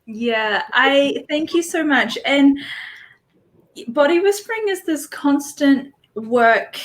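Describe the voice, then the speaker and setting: A woman's voice: high-pitched, animated, slow. A woman from New Zealand hosting an online conversation, talking in a flowing way and laughing easily. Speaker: host.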